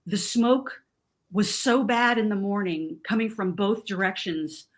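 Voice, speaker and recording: A middle-aged woman from Southern California speaks on a TV panel in a voice of ordinary pitch for a woman. Her storytelling is emotional and animated, and she acts out the people she quotes. She is recorded on a studio lapel mic. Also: measured pace. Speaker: panelist on a TV talk show. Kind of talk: personal account on a TV panel.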